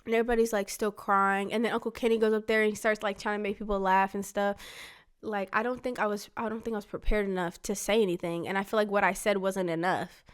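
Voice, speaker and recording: A woman's voice: medium pitch, little pitch movement, quick pace, smooth. A woman casually telling her life story to her father, peppering her talk with "like" and acting out what people said. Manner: chatty, fills talk with "like", acts out quoted lines.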